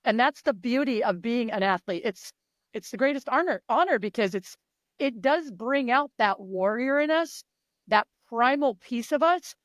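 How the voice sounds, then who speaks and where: A woman's voice: fairly high pitch, lively intonation, moderate pace, dry recording, clean studio sound. A middle-aged woman coach talking in a casual interview, emphatic and blunt, swearing freely. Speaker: mental performance coach.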